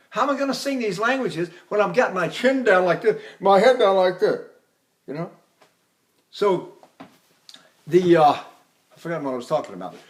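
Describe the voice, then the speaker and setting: An older man giving a voice lecture, animated and breaking into sung demonstrations. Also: high voice. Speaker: voice teacher.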